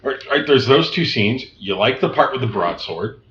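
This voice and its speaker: A man co-hosts a laid-back film review podcast, his pitch swinging widely as he laughs and acts out scenes. The recording sounds echoey and a little dull, like a lo-fi home setup. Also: animated, brisk, fairly bright tone. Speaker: podcast co-host. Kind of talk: casual film review chat.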